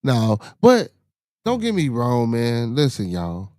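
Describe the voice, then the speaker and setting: A man's voice: medium pitch, wildly swooping pitch, takes it slowly, darkish tone, dry recording, studio quality. A man with a Chicago accent hosting a casual podcast, reading viewer comments, talking loosely and profanely with many restarts and repeats. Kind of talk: casual livestream chat.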